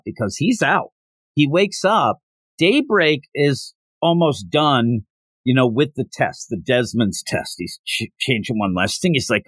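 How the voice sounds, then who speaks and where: Male podcast host, casual recap with quick character voices, lively delivery, dry sound. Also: on the high side, no echo. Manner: animated, acts out characters' lines and sound effects.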